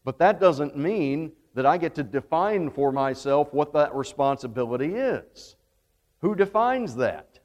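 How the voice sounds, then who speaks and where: In a church classroom that's also streamed online, a Southern-accented man teaches Bible study, quizzing the class conversationally. His voice is slightly high and darkish, with big pitch swings at an unhurried pace. The recording is muffled, with long hall reverb.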